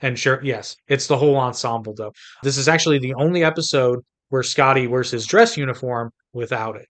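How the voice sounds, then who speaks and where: A man's voice: medium pitch, a little fast, a bit bright. A man from the United States co-hosting a podcast in casual chat, chatty and rambling with frequent restarts. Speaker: podcast co-host.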